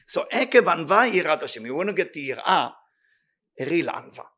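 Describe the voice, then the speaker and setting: A man teaching a weekly Torah class who reads Hebrew quickly and then translates it into plain talk, with an animated, excitable delivery. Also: a little high.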